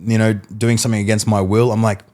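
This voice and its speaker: A man, a mentalist guest, telling animated stories in casual podcast chat and acting out what people said. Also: lowish voice, quick pace. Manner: animated storyteller, acts out quotes, laughs mid-story.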